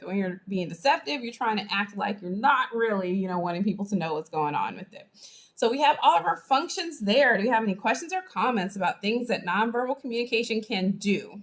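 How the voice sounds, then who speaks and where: A woman instructor giving a chatty, animated lecture to a live online class, acting out examples as she goes, heard through a video-call microphone. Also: a little high, fairly quick. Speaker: college instructor.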